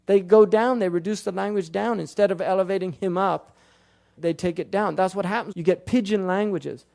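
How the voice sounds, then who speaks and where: A man's voice: high-pitched, gravelly, mellow. A male scholar giving a religious lecture, firing rhetorical questions at the audience and weaving Arabic terms into his talk. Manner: questions the audience rapidly, quotes classical sources.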